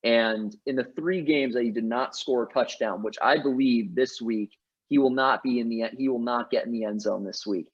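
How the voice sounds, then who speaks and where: A man's voice: mid-range voice, normal speed, slightly rough. A man co-hosting a sports podcast, arguing his picks emphatically in casual chat. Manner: emphatic, argues his picks with many restarts. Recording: dull lo-fi audio.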